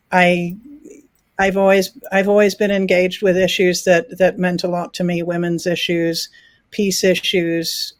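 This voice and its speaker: A woman's voice: fairly low pitch, dry recording. A woman in her sixties from New York who grew up in England, answering interview questions in a conversational way with frequent restarts and easy laughter. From New York, raised in England. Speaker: film festival founder.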